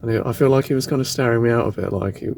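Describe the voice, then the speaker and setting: A man's voice: mid-range voice, rapid-fire, vocal fry, a little mellow. A young man chatting casually in a vlog, rambling and tentative, laughing at himself as he talks. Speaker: van life vlogger. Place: outdoors in a city and in a van.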